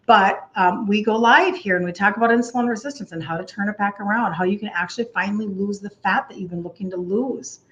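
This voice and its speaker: A Minnesotan woman in her fifties talks through a casual livestream as a health coach. She chats loosely, laughs easily and leans on fillers. Her voice sits at a middle pitch, and the sound is a little dull and lo-fi. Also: quick pace, few pauses, fairly bright tone. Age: 50s. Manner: chatty, laughs often, uses many fillers.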